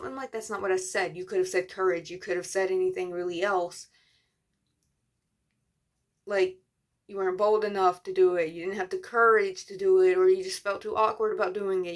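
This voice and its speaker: A woman's voice: mid-range voice, a little fast. Young woman venting in a casual rant. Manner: venting, rambling with restarts and fillers. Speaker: vlogger. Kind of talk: casual storytelling rant to camera.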